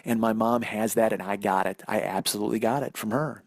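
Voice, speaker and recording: This podcast host, a man in his forties, tells a personal story alone on the mic in a rambling, self-mocking, foul-mouthed style. His voice is fairly low and steady, and he moves briskly. The recording was made on a phone yet sounds studio-clean, with no echo.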